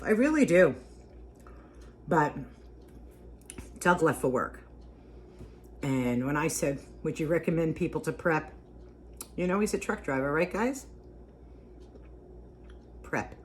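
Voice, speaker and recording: This cooking vlogger keeps things cozy and chatty, saying things more than once and humming whenever she takes a taste. She has a low-sitting voice, with a little hiss or hum in the recording.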